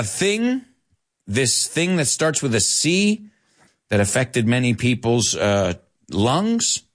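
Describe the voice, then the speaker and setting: A man teaching English in a live lesson, reading out viewer comments and correcting them with a laugh. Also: mid-range voice. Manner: animated, laughing, switching between English and Spanish to explain.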